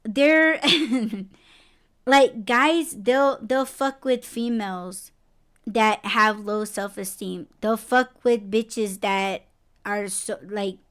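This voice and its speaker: A woman's voice: on the high side, extremely slow, fairly bright tone, clean tone. A woman hosting a casual podcast conversation. She rants bluntly, swears a lot and breaks into emphatic, rising outbursts. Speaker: podcast host.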